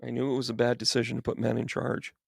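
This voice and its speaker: A man voicing God as a weary, exasperated creator, talking in a tired deadpan. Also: mid-range voice, fast talker, creaky, husky, dry recording, studio quality.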